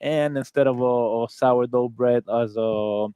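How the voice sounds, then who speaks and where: A man, a restaurant chef, describing his dishes in a halting way with lots of fillers and repeated yeses. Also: mid-range voice, steady tone, mellow, clean tone, dry recording. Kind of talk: casual chat describing dishes.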